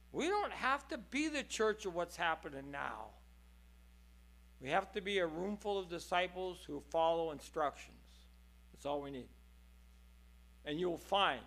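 Impassioned, bright-voiced preacher man. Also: high voice. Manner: impassioned, swings between hushed and loud. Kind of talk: sermon. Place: church.

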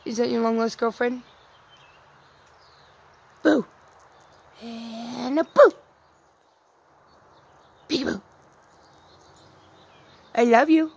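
A woman's voice: on the high side, animated, drawn-out words, creaky, pauses often, slightly rough. A woman filming her cat, playing peekaboo in cooing, teasing baby talk. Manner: sing-song, cooing and teasing. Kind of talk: playful baby talk to a pet.

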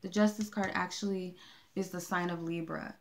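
Female tarot reader, casual and meandering, lowish pitch, gravelly fry. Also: steady tone, normal speed. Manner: meandering, with many fillers and restarts. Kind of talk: casual tarot card reading.

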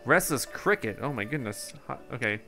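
Bright-voiced man musing over gameplay. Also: mid-range voice, animated, normal speed, soft background music. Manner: musing to himself, casual, easily distracted. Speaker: gaming video host. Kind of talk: let's play commentary.

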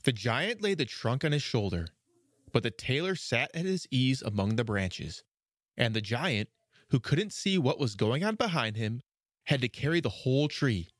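Male narrator, fairy tale reading, lively pitch, dry close recording. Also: no room sound. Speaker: storyteller. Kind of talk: storybook narration.

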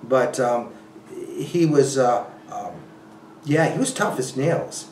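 Male interviewee, animated storyteller, restarts a lot, recorded off-mic in an echoey room. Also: medium pitch, slow, a little hiss or hum. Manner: animated, laughing often, many restarts and you-knows. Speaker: ultrarunner guest. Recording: roomy, a bit distant from the mic.

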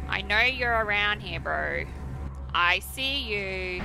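A woman's voice: mid-range voice, big pitch swings, slow pace. A young woman streaming a horror game, chatty and self-mocking, who shrieks at every scare. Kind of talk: live gameplay commentary. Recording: game music loud behind the voice.

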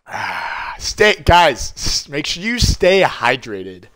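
A young man streaming a horror game, swearing and screaming in panic as he goes hoarse from yelling. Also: fairly high pitch, wildly swooping pitch, slow pace, hardly any pauses, dry recording. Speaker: gaming streamer. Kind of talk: horror game playthrough commentary.

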